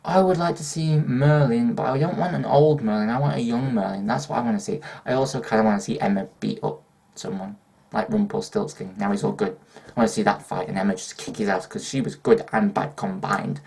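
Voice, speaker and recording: A man's voice: on the low side, brisk, gravelly, darkish tone, slightly rough. A young man with a northern English accent, chatting hyperactively in a Q&A vlog, swearing and laughing often. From northern England. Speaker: YouTuber. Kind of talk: casual Q&A vlog.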